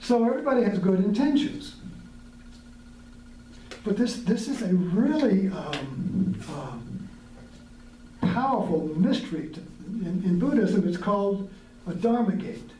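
High-voiced man, roomy distant sound. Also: big pitch swings, unhurried, long pauses, mellow, a little hiss or hum. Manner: reflective, rambling, chuckles often. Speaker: podcast host. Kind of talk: casual spiritual talk.

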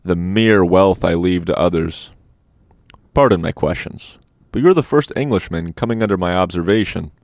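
Eccentric old doctor, calm and clinical, low voice, dry close sound, read by a man. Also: moderate pace, dry recording. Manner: quizzical, clinical, matter-of-fact. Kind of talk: audiobook character reading.

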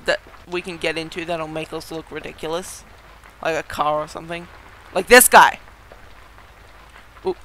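A gaming video host giving excited let's-play commentary, chatty with viewers, giggling and yelping at surprises. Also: mid-range voice, a little hiss or hum, rough recording. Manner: chatty, talks straight to viewers.

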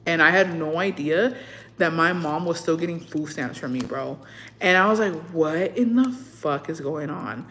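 Swearing freely and drifting between Spanish and English, a young woman tells stories in casual conversation, animatedly imitating what others said. She speaks at normal speed in a low-pitched voice, over a little hiss or hum.

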